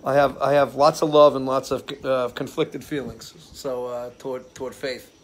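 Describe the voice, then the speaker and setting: There's slight background noise as a man with a medium-pitched, flat voice talks at a moderate pace. He hosts a casual live stream from his porch under a ceiling fan, rambling through stories and often losing his thread.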